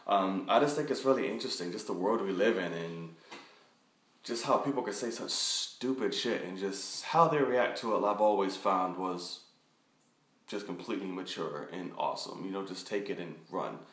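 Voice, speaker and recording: A man with a somewhat deep voice eases into a casual, meandering introduction, padding his sentences with ums and you-knows. His voice bounces around an echoey room. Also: normal speed. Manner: rambling, relaxed, with many fillers. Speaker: YouTube reaction host. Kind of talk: casual monologue.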